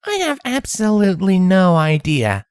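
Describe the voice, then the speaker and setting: A small, bookish unicorn filly with a high, bright voice that leaps up and down in pitch, earnest and quick to sound alarmed, as a man reads her part. The sound is close and dry. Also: very animated, no room sound. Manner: high, earnest, anxious and pleading.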